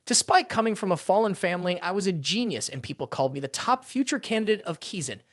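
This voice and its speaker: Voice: mid-range voice, animated, fast talker, no echo, clean studio sound, lightly acted. A narrator voicing a scheming man who is a boy's traitorous uncle, speaking coldly and sneeringly in a recap narration. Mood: cold bitter. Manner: cold, sneering.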